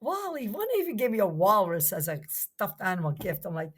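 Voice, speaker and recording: A woman's voice: mid-range voice, big pitch swings, brisk, a bit bright, husky. An older woman from New Jersey, a podcast guest chatting casually, enthusiastic and rambling, full of restarts. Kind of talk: casual chat.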